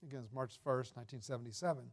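A man's voice: mid-range voice, rapid-fire. Older guy preaching, folksy storytelling, lots of ums and restarts. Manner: folksy, anecdotal, with filler words and restarts. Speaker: guest preacher. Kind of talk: sermon with personal stories.

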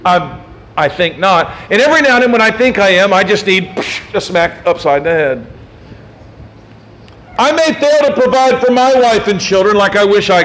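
Male pastor, sermon, high voice, emphatic, folksy, self-deprecating. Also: a bit bright, rough recording.

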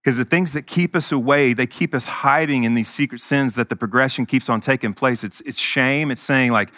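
Man, pastor, conversational sermon delivery, earnest and bright, dry close mic. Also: medium pitch, fairly quick, no room sound. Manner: earnest, conversational, self-deprecating humor.

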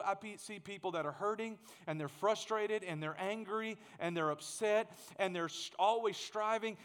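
High-voiced pastor preaching in a reverberant hall. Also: male voice. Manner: animated, joking, repeats words when he starts a thought. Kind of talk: sermon.

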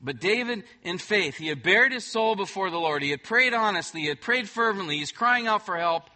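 A man preaching a sermon as pastor, emphatic, swinging between loud bursts and soft, hushed moments. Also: high voice, animated, fairly quick.

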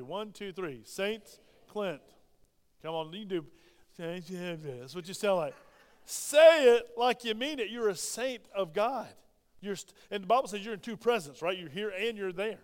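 A Southern American man preaching in a church, his voice high for a man and clean, smooth and resonant. He rouses the congregation with emphatic call-and-response. The sound carries a long, lingering reverb from the hall. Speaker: pastor. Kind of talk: sermon. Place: church sanctuary.

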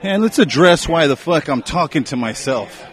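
A man's voice: on the high side, lively intonation, normal speed. A man podcasting at an outdoor beer festival, chatting loosely and cursing, a little out of breath. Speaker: podcast host. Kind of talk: casual chat at a beer festival. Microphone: handheld mic.

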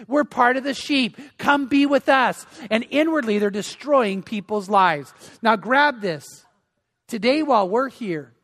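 A man's voice: high-pitched, fairly bright tone, big-room sound. An older man, a grandfather, preaching a sermon as pastor, earnest and repeating phrases for emphasis. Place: church.

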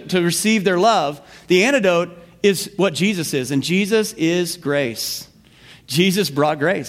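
A male pastor preaching a sermon in an animated way, asking the congregation questions and repeating key phrases. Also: sits high. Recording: long hall reverb.

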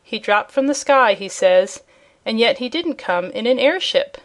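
A woman's voice: a little high, expressive, a little slow. A woman voicing a jolly, kindly old male sailor who talks in a rustic dialect with dropped letters, read as an audiobook character. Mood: musing.

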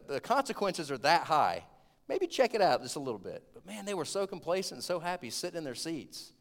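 A man, preaching a sermon as a lively storyteller who gets loud when retelling scenes. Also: a little high. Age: 20s. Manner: storytelling, animated, rising to shouts in retold scenes. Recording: long hall reverb.

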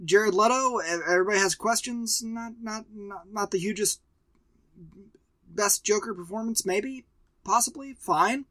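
A man's voice: high voice, moderate pace, a bit bright, no room sound. A man co-hosting a casual movie review chat, blunt and profane, ranting emphatically about films he loves and hates. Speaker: podcast co-host.

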